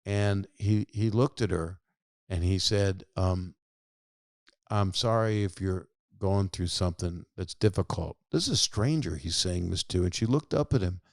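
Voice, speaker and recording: A man's voice: sits low, unhurried, darkish tone, dry recording, studio quality. A man in his sixties, a podcast host chatting with callers and telling stories in a rambling, jokey, self-interrupting way. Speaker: podcast host calling listeners. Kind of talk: casual phone chat and rambling monologue.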